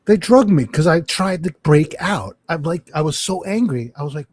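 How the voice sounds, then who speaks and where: A husky middle-aged man from New York spins a profane, animated tale in loose conversation, slipping into quoted voices. His tone is mellow and a little higher than most men. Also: moderate pace, no room sound. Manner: profane, animated storyteller with swearing and acted quotes. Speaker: livestream host. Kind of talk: casual storytelling chat.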